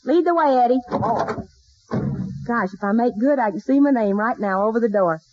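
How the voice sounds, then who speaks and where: A woman's voice: fairly high pitch, expressive, normal speed, no echo, close to an everyday voice. A woman playing a scatterbrained, wisecracking country gal in a 1940s radio sitcom, folksy and punning, on a dull old broadcast recording. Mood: zany. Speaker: comedy star of a radio sitcom.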